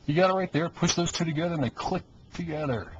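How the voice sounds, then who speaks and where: An adult conversion kit installer gives an easygoing, hands-on demonstration beside a car engine, coaching helpers and chuckling often. His voice is a little high and he talks fast. The camcorder microphone yields dull lo-fi audio with steady noise.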